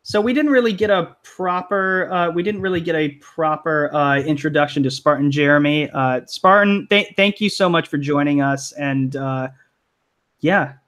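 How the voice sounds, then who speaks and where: A man hosts a casual live-stream panel, his voice sitting a little high for a man. He rambles, restarts and fills gaps with ums and likes, laughing easily. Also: normal speed, fairly bright tone. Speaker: host of a live online panel.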